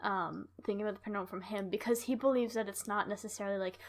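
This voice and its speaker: A woman's voice: mid-range voice, fairly even intonation, rapid-fire. A woman co-hosting a podcast, telling a story in casual chat, rambling with lots of fillers and laughing often.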